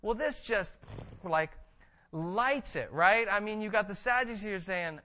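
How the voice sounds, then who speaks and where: A man preaching a conversational sermon, reading scripture and explaining it with animated tag questions. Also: high voice, moderate pace. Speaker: pastor.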